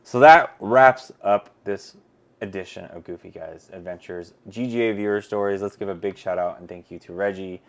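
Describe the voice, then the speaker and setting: A man's voice: a little fast, few pauses. A man hosting a casual theme park chat show, playful and joking. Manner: playful, joking, lively pitch. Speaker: host.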